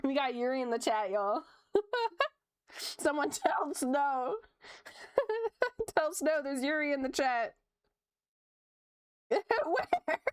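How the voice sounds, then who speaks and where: A woman's voice: sits high, normal speed. A young woman streamer chatting casually while she draws, reading chat aloud, laughing often and swearing freely.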